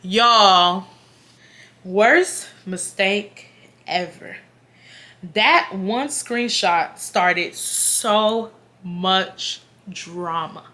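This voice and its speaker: A woman's voice: medium pitch, extremely slow, pauses often, bright, forceful tone, slight background noise. A young woman telling a story on her vlog. She is blunt and profane, and speaks straight to her viewers. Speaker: vlogger.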